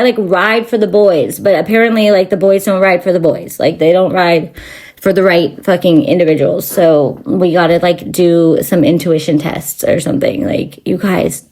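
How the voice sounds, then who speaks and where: A woman's voice: lowish voice, darkish tone. Rambling, cussing woman. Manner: rambling, profane, frequent "like" fillers and restarts. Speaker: spiritual channel host. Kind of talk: unscripted spiritual rant to camera.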